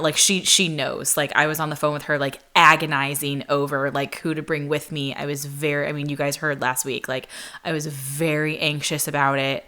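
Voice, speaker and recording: A young woman hosting a podcast, telling a story in casual chat, full of "like" fillers and quoting people in higher, sharper voices. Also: little pitch movement, normal speed, pushed and bright, smooth. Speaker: podcast host.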